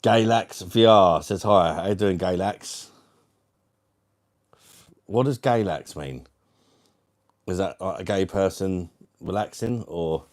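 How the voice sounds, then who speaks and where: A man's voice: low-pitched, slow pace, long pauses. A man hosting a live stream, reading out viewer comments with crude, matey banter. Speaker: livestream host.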